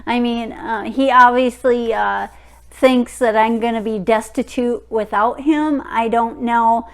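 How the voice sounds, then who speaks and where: A woman's voice: steady tone, measured pace, clean tone. A woman in her fifties telling a personal story to her vlog viewers in a frank, blunt way. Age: 50s. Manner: frank and blunt, drops into a low murmur when reading texts aloud. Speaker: vlogger. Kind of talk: casual storytelling to camera.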